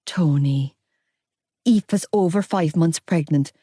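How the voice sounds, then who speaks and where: A woman's voice: deep voice, takes it slowly, dark tone, no echo, studio quality, pitched below the performer's own voice. A woman voicing a firm, protective mother. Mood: firm worry. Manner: firm, sighing. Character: protective middle-aged mother.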